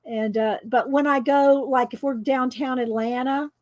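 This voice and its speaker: A middle-aged woman, chatting loudly and laughing often as she tells stories while coloring. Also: high voice, steady tone, a little slow. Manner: chatty storyteller who laughs often and talks loud. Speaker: coloring video host. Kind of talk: casual chat while coloring.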